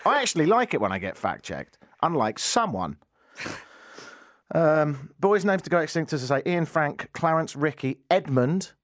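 A British radio host with an animated, exasperated, teasing manner. His pitch swings widely as he talks, and the studio sound is close and dry. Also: moderate pace, dry recording. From Britain. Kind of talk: casual radio banter. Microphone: studio microphone.

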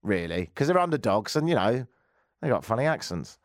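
Wry man hosting radio, lively pitch. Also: a little fast, no echo, clean studio sound. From England. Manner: wry, joking, rambling asides. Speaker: radio host. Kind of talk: casual radio commentary.

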